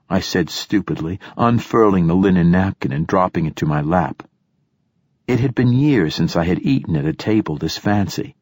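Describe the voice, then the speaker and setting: A man reads a first-person audiobook in a measured, descriptive way. His voice is very deep and husky. The recording is close and completely dry. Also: dry recording. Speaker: audiobook narrator.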